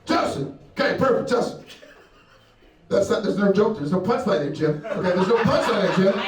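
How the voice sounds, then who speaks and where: A man's voice: sits high, expressive, normal speed. A young man doing a stand-up set, brash and profane, working the crowd and laughing at his own jokes. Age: young adult. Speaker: stand-up comedian. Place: comedy club stage. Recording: roomy live venue from a distance with crowd.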